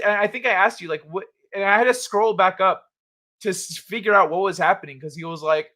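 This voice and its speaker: Chatting casually with his live chat late at night, a livestream host swears and laughs often as he retells stories, doing animated voices for the people he quotes. He has a high voice and talks fairly quickly.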